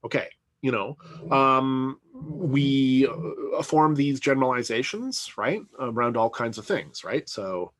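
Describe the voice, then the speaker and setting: A man's voice: medium pitch, animated, slow pace, fairly bright tone, no room sound. A man giving a conversational university lecture, often checking in with "right?" and filler words. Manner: conversational, peppered with "right?" and "you know".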